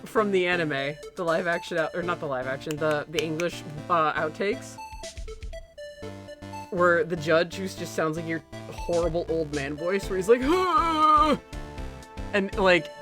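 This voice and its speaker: A woman streamer giving casual, animated let's-play commentary, laughing often and swearing. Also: lowish voice.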